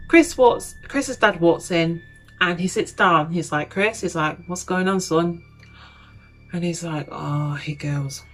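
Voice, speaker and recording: A young woman with a low voice tells a story in a loose, chatty way and keeps saying you know and like. She acts out what people said as she goes. Faint music plays underneath. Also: low-quality recording. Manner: chatty, acts out quotes with lots of you-knows and likes. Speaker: YouTuber. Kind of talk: casual retelling of a documentary.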